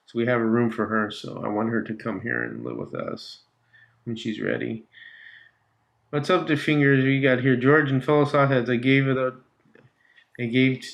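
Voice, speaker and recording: A man's voice: mid-range voice, vocal fry, fairly bright tone. A man hosting a casual livestream, chatting with viewers and reading their comments, laughing often and trailing off mid-thought. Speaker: livestream host. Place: home slot car track room.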